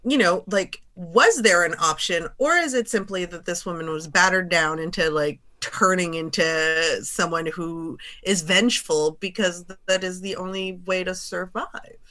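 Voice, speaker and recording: A woman in casual conversation, talking in an animated, chatty way with lots of fillers. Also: fairly low pitch, a little slow, hardly any pauses. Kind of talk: casual chat.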